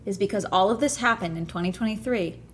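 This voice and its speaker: A woman's voice: medium pitch, fast, a little hiss or hum. A woman streamer chatting casually to her viewers, ranting hard and swearing a lot. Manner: ranting, profane, fired up. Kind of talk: casual livestream chat.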